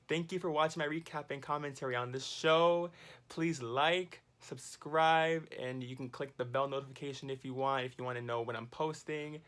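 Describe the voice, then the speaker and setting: A man giving a casual, animated recap and commentary of a reality TV episode, exclaiming and laughing as he goes. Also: medium pitch, unhurried. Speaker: TV recap vlogger.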